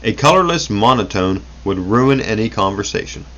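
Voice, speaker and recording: A man's voice: lowish voice, expressive, moderate pace, a bit bright, dull audio. A man reading an old self-help booklet aloud, unrehearsed, stumbling over words and correcting himself as he goes.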